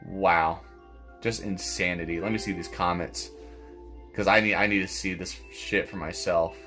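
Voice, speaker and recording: A low-voiced man commentates his own gameplay for his gaming channel, speaking steadily at a normal pace in a bright, forceful tone. Faint music sits behind this let's play, where he swears frequently and stammers whenever he restarts.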